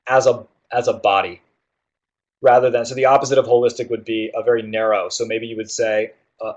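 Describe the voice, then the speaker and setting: Male tutor, mid-pitched, explains test prep casually with lots of "um" and "right?". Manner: explanatory, with frequent fillers and "right?" check-ins. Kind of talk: guided test-prep walkthrough.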